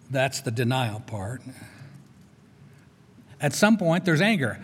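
A man's voice: on the high side, lively intonation, normal speed, long pauses, slightly rough. Older man preaching, long hall echo. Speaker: chaplain. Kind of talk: sermon. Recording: long reverb of a large hall.

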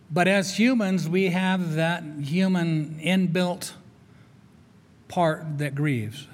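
An older male chaplain preaches in a slightly high voice, telling stories in an earnest, conversational way. His words ring out with the long reverb of a large hall. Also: darkish tone. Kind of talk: sermon.

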